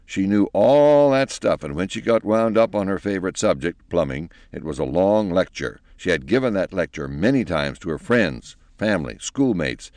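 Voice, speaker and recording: A man narrating a children's storybook in an expressive, animated reading. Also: low-pitched, moderate pace, few pauses, dry recording.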